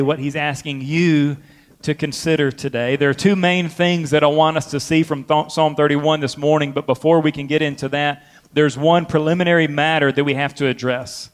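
A male pastor praying and then preaching in a church, earnest and given to repeating phrases for emphasis. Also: a little high. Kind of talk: sermon with opening prayer.

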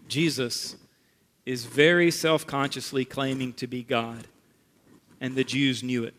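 Male pastor, sermon delivery, emphatic, moves between loud stress and quiet low lines. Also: fairly even intonation, measured pace. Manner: emphatic, rises and drops for effect.

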